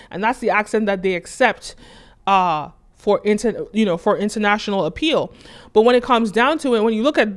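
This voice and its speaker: A woman hosting her channel, explaining things in casual commentary and leaning on filler words like "right?" and "like". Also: mid-range voice. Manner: conversational, leans on "right?" and "like". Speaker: channel host.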